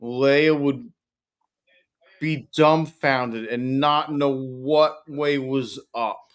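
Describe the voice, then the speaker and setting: Guy on a voice chat rambling through a story, quick little asides. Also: medium pitch, steady tone, smooth. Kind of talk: casual group voice chat.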